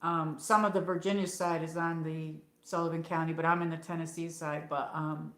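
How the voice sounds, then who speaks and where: A woman's voice: low voice, level tone, normal speed, a bit bright. Chatty upstate New York woman in an echoey room. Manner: rambling storytelling, frequent fillers and swearing. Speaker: livestream host. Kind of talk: casual chat. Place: home, late at night. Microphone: phone.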